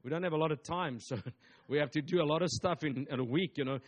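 Male pastor, fairly high voice, emphatic repetitive preaching style. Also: quick pace. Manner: emphatic, repetitive preaching with call-and-response asides. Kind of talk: sermon.

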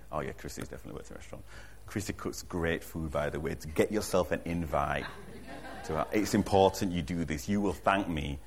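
A man preaching a sermon as pastor, earnest and emphatic, repeating his key lines and often restarting a phrase mid-thought. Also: low-pitched. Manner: frequent restarts and self-corrections. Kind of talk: sermon to a congregation.

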